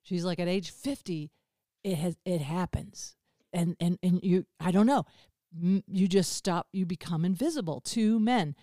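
A woman in her fifties hosting a podcast, telling candid stories in a lively way, swearing freely and acting out the dialogue. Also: fairly low pitch, measured pace, dry recording, studio quality. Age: 50s. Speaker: podcast host. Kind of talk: candid conversational storytelling.

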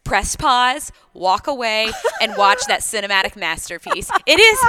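A woman's voice: mid-range voice, measured pace, noisy background. A woman chatting casually as a podcast co-host, gushing and giggly as she tells stories. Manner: giggly, gushing, animated storytelling. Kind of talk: casual chat.

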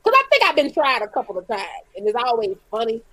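A woman's voice: fairly high pitch, very animated, quick pace, a bit bright, no echo, rough recording. A woman in casual crude banter as a podcast co-host, blunt and outspoken.

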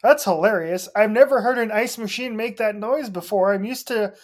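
A co-host of a casual sports podcast, easygoing and amused, laughing along. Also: male voice, sits high, normal speed. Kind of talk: casual chat.

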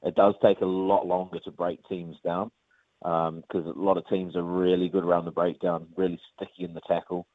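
A man with a New Zealand accent, a rugby player chatting casually in an interview, relaxed with lots of fillers. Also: low-pitched, moderate pace, no room sound. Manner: relaxed, many fillers, says mate often. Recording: tinny phone line, dry.

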